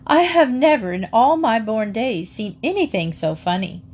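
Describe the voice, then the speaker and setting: A woman's voice: fairly high pitch, sing-song, normal speed, a little mellow, breathy edge. A woman voicing Mrs Archer, a self-assured, gossipy small-town lady. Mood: amused.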